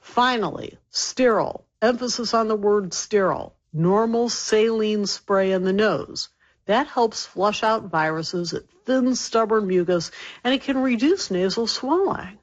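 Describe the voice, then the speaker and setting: A woman doctor, still getting over a cold, explaining health facts clearly and emphatically as a radio guest. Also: medium pitch, measured pace, highs cut off. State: recovering from a cold.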